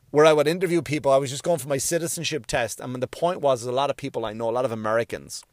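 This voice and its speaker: A man with a mid-pitched voice tells a profane, meandering story on his own comedy podcast. He keeps circling back and restarting his sentences. The sound is close-miked and dry, with no room echo. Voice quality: profane, rambling, with frequent restarts. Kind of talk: casual storytelling tribute.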